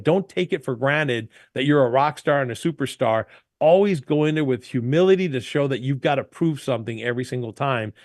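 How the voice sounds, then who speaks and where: The owner of a DJ entertainment company speaks as a guest in a casual interview, offering business pointers in a medium-pitched voice. His stories are energetic and emphatic, quotes acted out, captured in clean studio sound without echo.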